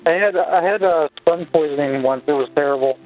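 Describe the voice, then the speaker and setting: A man's voice: fairly high pitch, quick pace, faint music behind. Hesitant male caller on a phone line. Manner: hesitant, many fillers.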